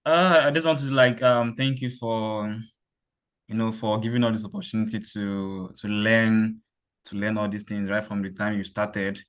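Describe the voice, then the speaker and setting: A man's voice: on the low side, fairly even intonation, normal speed. A man, a student in a master's program, giving hesitant feedback on a course with many fillers and restarts. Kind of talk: casual thanks and feedback.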